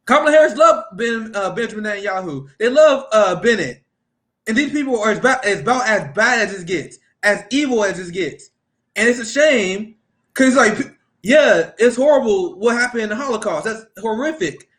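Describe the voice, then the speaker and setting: A man's voice: sits high, lively intonation, moderate pace, a bit bright. A man hosting a casual political talk show, ranting heatedly and profanely and laughing often. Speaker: political commentary host.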